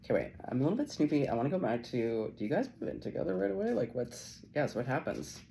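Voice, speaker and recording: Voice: mid-range voice, very animated, quick pace, creaky, mellow, a little hiss or hum. A tarot reader giving a casual channeled reading, effusive and loose, swearing freely and laughing often.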